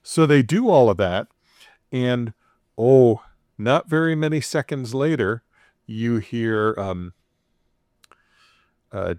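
A man's voice: medium pitch, slow, pauses often, dry recording, studio quality. A man casually retelling a story on a podcast, playfully acting out the quoted voices with chuckles. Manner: animated retelling, acts out quoted dialogue with chuckles.

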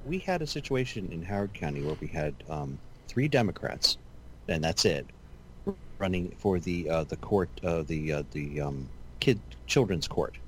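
A man co-hosting a casual talk show, chiming in with quick jokes and questions. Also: low voice, expressive, slight background noise, poor audio. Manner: quick joking interjections. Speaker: podcast co-host. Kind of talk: casual chat.

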